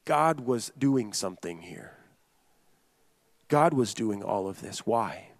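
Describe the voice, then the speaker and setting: Male pastor preaching, earnest and emphatic, repeats his points and addresses listeners directly, mid-pitched, dry close sound. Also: no room sound. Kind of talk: sermon.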